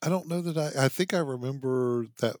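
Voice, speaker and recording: A man hosting a casual movie podcast in a relaxed way, prompting his co-hosts. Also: mid-range voice, a little fast, no room sound, clean studio sound. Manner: relaxed, prompting others, chuckling. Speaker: podcast host. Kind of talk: casual movie review chat.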